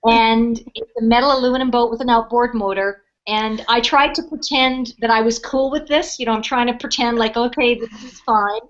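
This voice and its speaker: A middle-aged woman speaking on a webinar, telling a personal story in a casual, animated way and acting out the people in it. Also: a little high, fairly quick, few pauses. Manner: animated storyteller, acts out quoted voices. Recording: dull lo-fi webinar audio.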